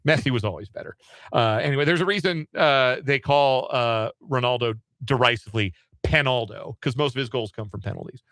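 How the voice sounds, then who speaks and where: A man hosting a sports radio show, reading the soccer headlines in a loose, joking way with asides and quick self-corrections. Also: mid-range voice, a bit bright, no echo.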